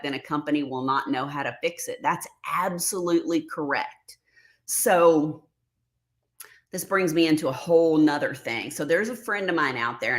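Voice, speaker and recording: Low-voiced woman chatting on a livestream. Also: fairly bright tone. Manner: emotional, sarcastic, reads out chat comments. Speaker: livestream host. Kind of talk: casual livestream chat.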